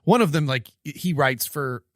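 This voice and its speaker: Laughing as he rambles through stories full of fillers, this podcast co-host keeps the chat casual. His voice is fairly high and expressive, at a normal pace, with clean studio sound and no echo.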